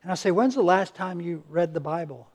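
A male pastor delivers a sermon in a high, light voice. He talks in an earnest, conversational way, repeating words as he restarts and voicing everyday people in quick quotes. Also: darkish tone.

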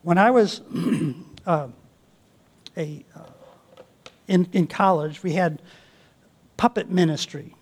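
A man's voice: high-pitched, slow pace, long pauses. A man preaching a sermon as pastor, earnest and exhorting, asking his listeners rhetorical questions.

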